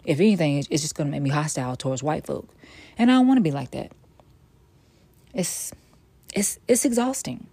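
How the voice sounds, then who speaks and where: A woman hosting her own podcast in a casual solo monologue, blunt and profane, swinging from weary sighs to sassy loud outbursts. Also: low-pitched, animated, brisk, pauses often, husky, no echo. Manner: blunt, profane and emphatic, with sudden loud bursts. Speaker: podcast host.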